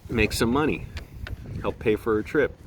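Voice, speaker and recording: A man's voice: mid-range voice, normal speed, slight background noise. A man vlogging outdoors while he walks, rambling in a chatty way and laughing at himself. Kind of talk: casual vlog monologue. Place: outdoors walking around a complex.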